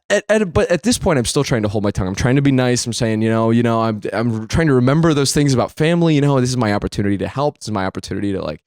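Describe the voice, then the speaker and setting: A young adult man telling a personal story, animated and profane, his voice leaping up when he is exasperated. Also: very fast, hardly any pauses, no echo, studio quality. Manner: animated, swears freely, jumps high when exasperated. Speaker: storyteller host.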